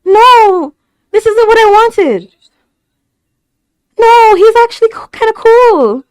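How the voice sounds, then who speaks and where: A woman's voice: extremely high pitch, expressive, takes it slowly, dry recording. A woman hosting a reaction video, talking over an anime episode with gasps, stammers and constant exclamations. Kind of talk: live anime reaction commentary.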